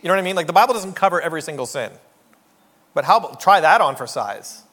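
A man's voice: a little high, lively intonation, fast, fairly bright tone, in a large hall. A man preaching a sermon as pastor, in a joking, conversational way with rhetorical asides. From Canada.

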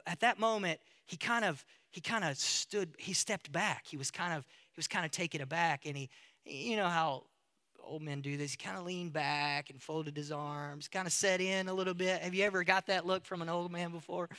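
Bright-voiced preaching man. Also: on the high side, clean tone. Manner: storytelling, halting restarts, building emphasis. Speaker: pastor. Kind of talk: sermon.

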